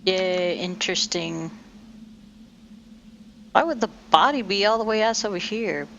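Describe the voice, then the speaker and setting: A woman's voice: mid-range voice, unhurried, gravelly, a bit bright, lo-fi sound, a little hiss or hum. A woman streamer chatting casually over gameplay, rambling with lots of fillers and the odd swear.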